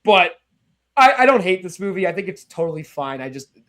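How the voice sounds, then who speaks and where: A man co-hosting a casual podcast, sharing his honest take on a film in an earnest, measured way. His voice is high for a man and swings widely in pitch as he talks. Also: sing-song, a bit bright. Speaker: podcast co-host. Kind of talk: casual chat, film opinions.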